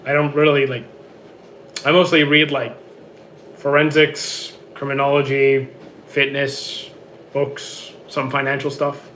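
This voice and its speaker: Hoarse man chatting on a livestream. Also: mid-range voice, little pitch movement, slow, pauses often, fairly bright tone, slight background noise. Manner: reads out viewer questions and answers offhand. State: hoarse, worn-out voice. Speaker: streamer answering chat. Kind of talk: casual livestream chat. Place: home with roommates.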